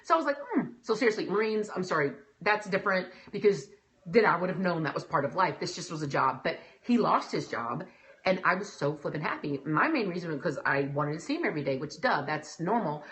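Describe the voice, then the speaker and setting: A woman's voice: on the low side, a little fast. A woman, speaking emotionally and animatedly to an audience. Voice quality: emotional, animated, breaks into quoted voices. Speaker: speaker giving a talk. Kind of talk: personal talk to an audience.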